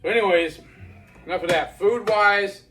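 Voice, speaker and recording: A man's voice: high voice, moderate pace, pushed and bright, recorded from a distance, soft background music, poor audio. Folksy man reviewing beer outdoors. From Florida. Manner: rambling, folksy, loose. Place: outdoors at night.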